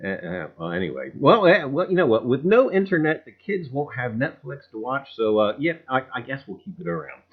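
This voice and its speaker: A man's voice: mid-range voice, very animated, a little fast, vocal fry, few pauses, husky. A man hosting a casual livestream, greeting viewers by name one after another in a folksy, chatty way and leaning on the same pet phrases. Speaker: livestream host. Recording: dull lo-fi stream audio.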